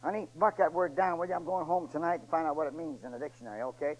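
A man preaching a sermon in a folksy, colloquial storytelling way that swings between booming emphasis and hushed asides. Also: racing, rough recording.

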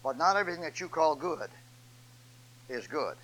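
An older man preaches with a notably high voice, swinging between loud, shouted repetitions and quiet, folksy storytelling. His delivery is homespun and repetitive, pulling listeners in as he talks. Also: expressive, moderate pace, pauses often, slight background noise, rough recording. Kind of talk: sermon.

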